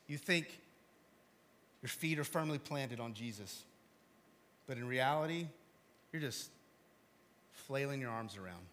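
A man preaching a sermon to a congregation, talking conversationally with small jokes and asides, then dropping to hushed, low emphasis before rising again. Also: animated, a little slow, long pauses. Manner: swings from loud emphatic to hushed low delivery. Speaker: pastor. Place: church hall with congregation.

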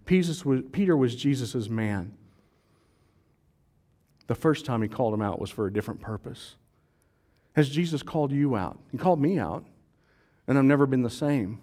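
A male pastor preaching a sermon in a church service, animated and conversational, quizzing his congregation and joking with them. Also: medium pitch, moderate pace, pauses often.

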